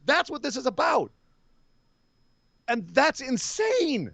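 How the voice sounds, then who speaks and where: Animated high-voiced man ranting. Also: takes it slowly, creaky, no room sound. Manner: animated, ranting, profane, laughs often. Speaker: podcast co-host. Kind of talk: casual wrestling podcast chat.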